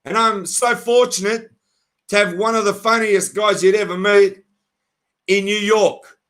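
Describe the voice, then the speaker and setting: A man's voice: sits high, steady tone, unhurried, a bit bright. A man from Melbourne, hosting a casual podcast interview in a jokey, eager way. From Melbourne, Australia. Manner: jokey, eager, laughs along. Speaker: podcast host.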